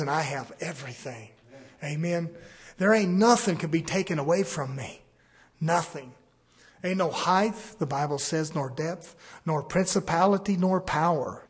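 A man delivers a sermon in a high, husky voice. He talks in a folksy way and swings between quiet, intimate asides and loud, fervent climbs. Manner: preaching with surges from hushed to shouting; folksy, uses "ain't". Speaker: preacher.

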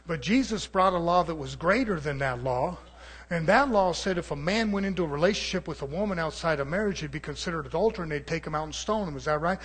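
A man preaching a fiery, confrontational sermon, swinging between muttered asides and shouting. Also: fairly high pitch, brisk.

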